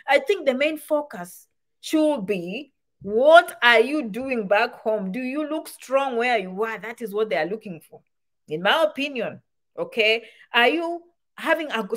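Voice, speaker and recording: A woman giving casual advice to camera, full of rhetorical questions and repeated points. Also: fairly high pitch. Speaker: immigration advice vlogger.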